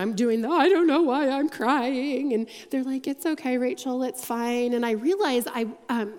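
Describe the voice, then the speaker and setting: A woman on a church's staff giving a sermon in a large auditorium, telling stories in a chatty, self-deprecating way with quick asides. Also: a little high, long reverb tail.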